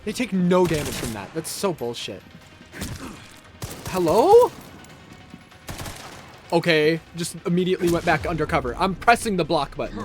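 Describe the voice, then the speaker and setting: A man's voice: fairly high pitch, animated, fast, few pauses. A young man streaming live gameplay, frustrated, swearing and ranting at the game. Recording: game music and gunfire behind. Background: game music and gunfire.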